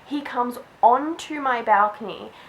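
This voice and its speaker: A woman's voice: on the high side, measured pace, fairly bright tone, highs cut off, a little hiss or hum. A young woman vlogger chatting through a storytime, filling her talk with "like". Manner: chatty, lots of "like". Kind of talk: storytime vlog.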